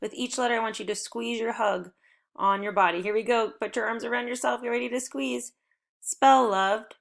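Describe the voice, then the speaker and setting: With a fairly high pitch and a normal speed, an upbeat young teacher runs a recorded children's phonics lesson. She offers clear, encouraging prompts at an even pace, praising the kids between words.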